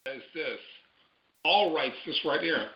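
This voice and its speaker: A man's voice: fairly high pitch, a little slow. Man preaching in a roomy, muffled call. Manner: steady, questions the listeners. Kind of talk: sermon on a church call.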